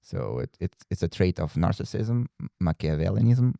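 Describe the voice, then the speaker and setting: A man's voice: deep voice, sing-song, normal speed, gravelly, dark tone, no echo, studio quality. A man hosting a podcast in casual chat, talking hesitantly and restarting his sentences often. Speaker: podcast host.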